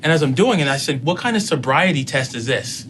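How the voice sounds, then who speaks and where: A man's voice: on the high side, expressive, fairly bright tone, a little hiss or hum. Man in his thirties recounting a story. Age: 30s. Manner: measured, recounting events with quoted dialogue. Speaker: interviewee. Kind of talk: storytelling in an interview.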